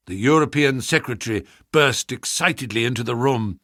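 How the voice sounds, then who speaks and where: A man narrating an audiobook in an expressive way. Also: medium pitch, moderate pace, hardly any pauses, dry recording, studio quality. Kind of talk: scripted narration.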